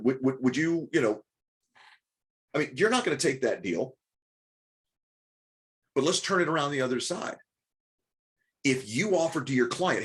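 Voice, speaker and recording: A man leads a group coaching call in a mid-pitched voice. He talks fast, restarts his sentences and keeps pressing the group with rhetorical questions. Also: lively intonation, a bit bright. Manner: rapid, repetitive restarts, coaxing and rhetorical questions. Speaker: business coach.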